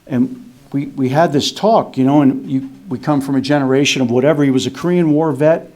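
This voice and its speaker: Man, middle-aged, personal recovery talk, warm low-key tone, halting delivery. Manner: halting, repeats and restarts, slows for emphasis. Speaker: AA meeting speaker. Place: meeting hall.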